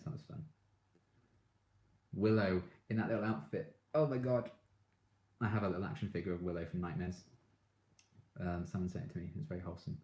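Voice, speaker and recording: A man's voice: low voice, dark tone, roomy sound. A man chatting casually on a live stream, reading out viewer comments and gushing about his favourite shows with frequent laughs.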